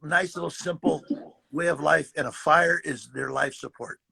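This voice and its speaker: An older man tells stories in a casual, animated way, acting out the lines of people he talks about. His voice sits high and gravelly, with a husky, bright edge. He often repeats words as he goes. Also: moderate pace. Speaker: guest actor. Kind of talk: casual storytelling.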